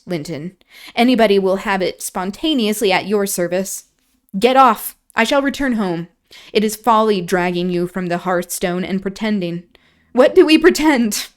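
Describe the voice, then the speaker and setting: Woman reading a proud fiery young woman, impatient and scornful, kinda loud, book read on stream. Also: medium pitch, natural voice. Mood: angry, then indignant. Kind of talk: novel read aloud on a stream.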